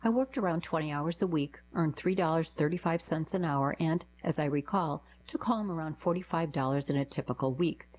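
Female narrator with a deep voice and a calm, even delivery for short-story readings. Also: fairly quick, hardly any pauses, rough recording. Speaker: narrator reading diary letters. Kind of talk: scripted narration.

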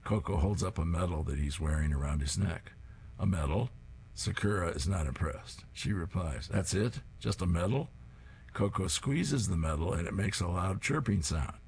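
Deep-voiced man reading comics aloud. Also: lively intonation, normal speed, few pauses, a little hiss or hum. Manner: plain descriptive reading. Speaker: reader.

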